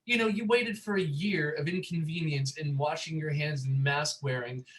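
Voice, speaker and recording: Talk show co-host, man, sardonic rants, a bit under the weather, voice on the higher side. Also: moderate pace, fairly bright tone, low-quality recording. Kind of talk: casual chat.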